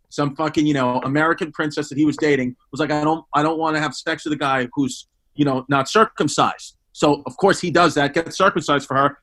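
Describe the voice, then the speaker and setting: A comedian with a New York accent who tells crude stories brashly and with animation. His voice is high for a man. His tone is bright and forceful. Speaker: comedian guest. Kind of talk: casual comedic storytelling.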